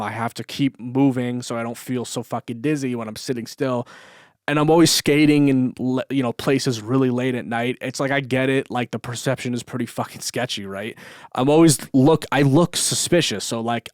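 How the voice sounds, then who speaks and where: A man's voice: medium pitch, clear, resonant tone, no room sound, studio quality. A man telling a story in a loose, rambling podcast monologue, swearing often and full of fillers. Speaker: podcast host. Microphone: camera mic.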